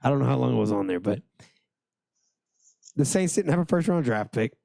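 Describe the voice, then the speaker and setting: A hoarse man co-hosting a podcast, chatting about sports in a rambling, crude, jokey way. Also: mid-range voice, expressive, fairly quick, dark tone, dry recording. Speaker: podcast co-host. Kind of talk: casual sports chat.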